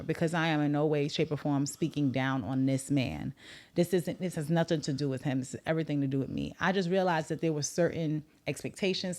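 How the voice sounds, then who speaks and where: A woman in her thirties hosting a podcast, telling a personal story in an earnest, reflective way and growing animated when she retells what others said. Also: deep voice. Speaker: podcast host.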